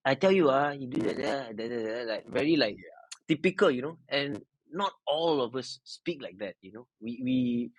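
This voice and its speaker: A man's voice: mid-range voice, normal speed, gravelly, breathy edge, rough recording. A man from Malaysia with a Malaysian English accent, chatting casually as an interview guest and slipping Malay words into his English. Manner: relaxed, mixes in Malay words and "lah".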